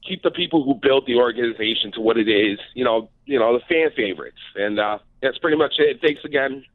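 A man's voice: medium pitch, fairly quick, dry recording. A man calling in to a radio show, rambling with many fillers. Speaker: caller. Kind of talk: phone call to a radio show. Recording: tinny phone line.

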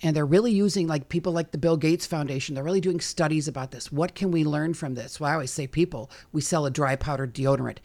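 A woman talks through her work as a guest in a casual interview. Her voice has a gravelly, fry-tinged edge. She is chatty and animated, jumping between asides and fillers. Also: low-pitched, fast, hardly any pauses. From Chicago, USA. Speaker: guest, bug repellent maker.

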